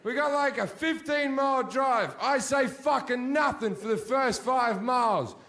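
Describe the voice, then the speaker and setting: A male stand-up comedian performing in a large theatre, swinging between shouted rants and low mutters, with heavy swearing. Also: measured pace, a little hiss or hum. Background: audience laughter.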